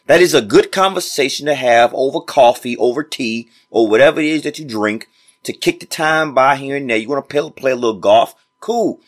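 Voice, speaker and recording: A man's voice: medium pitch, brisk. A man hosting a motivational podcast, speaking casually and preaching straight to his listeners, repeating phrases for emphasis. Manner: casual informal grammar. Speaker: podcast host.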